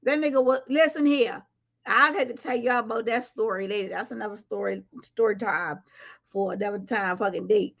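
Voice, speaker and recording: A woman's voice: medium pitch, normal speed, creaky, a bit bright. Woman going off on a livestream, blunt and cussing, bit of a dull sound. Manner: blunt, profane, addresses viewers directly. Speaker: livestream commentary host. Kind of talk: casual livestream commentary.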